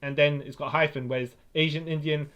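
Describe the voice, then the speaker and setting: A man, co-hosting a podcast in casual chat, laughing often and agreeing quickly. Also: a little high, steady tone, a bit bright. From Britain. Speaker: podcast co-host.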